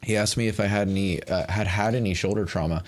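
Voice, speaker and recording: A man's voice: fairly low pitch, steady tone, quick pace. A man, chatting and ranting to his stream while playing a game, swearing often. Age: 30s. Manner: ranting, exasperated, swears freely. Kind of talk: casual chat while gaming.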